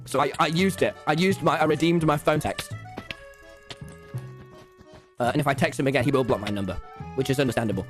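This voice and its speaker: A young British man telling a story on his stream, excitable and swearing often, acting out both sides of each exchange. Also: medium pitch, brisk, pauses often, soft background music. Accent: British English. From England. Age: young adult.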